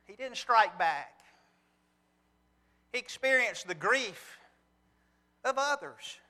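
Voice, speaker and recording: A high-voiced man preaches an earnest sermon at a slow pace, his intonation lively. He asks rhetorical questions and reads scripture aloud in a very bright, forceful tone, while a long hall reverb suggests a church sanctuary.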